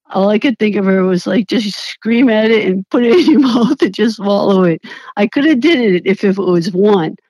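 A woman's voice: mid-range voice, dry recording, low-quality recording. A young woman, an interview guest, telling a story with lots of laughter, swearing and acted-out quotes. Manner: animated, laughs often, swears, acts out quotes. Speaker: interview guest, former reality show contestant. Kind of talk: casual storytelling.

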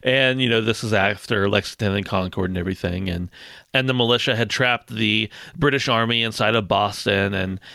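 Man, low gravelly voice, casual joking history talk, dry studio sound. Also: a little fast, sharp tone, no echo. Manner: jokey, acts out historical figures in voices. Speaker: podcast co-host.

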